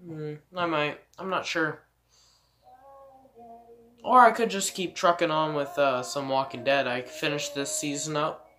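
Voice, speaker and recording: A man's voice: a little high, steady tone, measured pace, pauses often, sharp tone, slight background noise. A man giving casual game commentary, rambling and swearing with many fillers. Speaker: let's play gamer.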